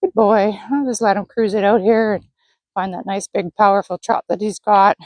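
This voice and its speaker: A woman training a horse on the lunge line, calmly explaining each step and praising the horse. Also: mid-range voice, normal speed, no echo, rough recording. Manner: calm coaching, talking to the horse. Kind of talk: narrated lunging session. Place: outdoor arena.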